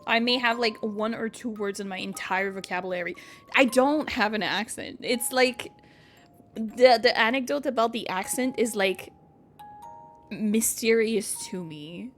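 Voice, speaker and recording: A woman's voice: a little high, unhurried. Girl streaming, chatty and laughy, game music under her voice. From Quebec, Canada. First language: French. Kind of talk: casual chat over gameplay.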